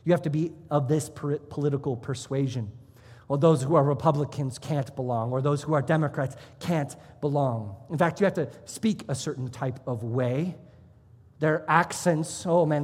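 Pastor guy preaching, husky voice, punches words up and down, big reverby church hall. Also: fairly high pitch, normal speed, a little mellow. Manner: emphatic, rising and dropping for emphasis. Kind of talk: sermon. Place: church sanctuary.

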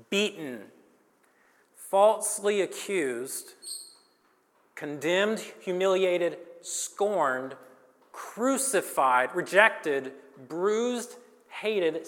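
A man preaching a sermon, dramatic, swinging between loud and hushed lines and joking with the congregation. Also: sits high. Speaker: pastor. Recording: long reverb of a large hall.

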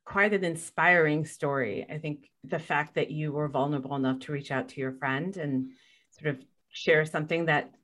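Woman host, thoughtful and empathetic, lowish voice. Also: steady tone, normal speed, a bit bright. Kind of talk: interview conversation.

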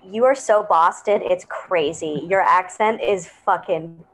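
A woman's voice: fairly low pitch, soft background music. A woman from Canada, a comedian guest on a podcast, chatting candidly and swearing often. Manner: candid, sweary, quick asides. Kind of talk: casual chat.

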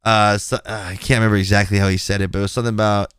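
A man's voice: lowish voice, very fast, clear, resonant tone, no echo, studio quality. A man on a podcast, frankly telling a story about a clash at work and acting out what each person said. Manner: animated, frank, quotes people in dialogue. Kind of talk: casual storytelling. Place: podcast studio.

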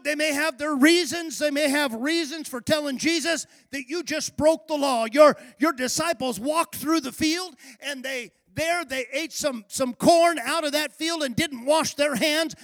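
Pastor, male, high gravelly voice, fervent sermon delivery that swells into shouting, dry close sound. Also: measured pace, hardly any pauses, no room sound. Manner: fervent preaching, swelling to shouts on key phrases.

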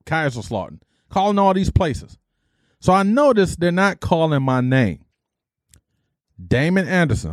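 A man's voice: mid-range voice, no echo, studio quality. A middle-aged man from Detroit, an army veteran, casually telling his life story and acting out the dialogue. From Detroit, USA. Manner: animated retelling, acts out dialogue, mild cursing substitutes.

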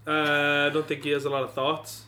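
Rambling high-voiced man. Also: monotone, a little fast, noisy background. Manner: rambling, hesitant and chuckling. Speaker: actor discussing his role. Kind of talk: casual chat. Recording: chattering crowd behind.

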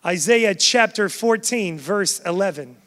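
A man's voice: high-pitched, animated, a little slow, a bit bright. A man preaching a sermon to a congregation, emphatic and swelling in force. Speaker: pastor. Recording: long hall reverb.

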